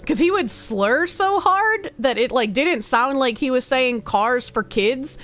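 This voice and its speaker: With faint music playing behind her, a woman in a high voice reads donations on her stream at a measured pace. She's lively and casual, cursing freely, letting out occasional gasps, and breaking into bits of song.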